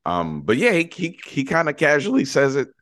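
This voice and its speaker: A man's voice: on the high side, wildly swooping pitch, moderate pace, a bit bright, dry recording. A man co-hosting a podcast, giving wry opinions in casual talk about films. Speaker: podcast co-host. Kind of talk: casual film discussion.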